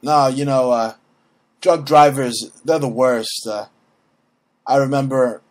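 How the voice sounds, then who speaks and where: A man's voice: mid-range voice, fairly even intonation, takes it slowly. A man hosting a talk show, ranting in a brash, mocking way, swearing freely and checking in with "okay?" over and over. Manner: repeats "okay?" and restarts often, mocks voices in quotes. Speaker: host. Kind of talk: profane comedic political rant.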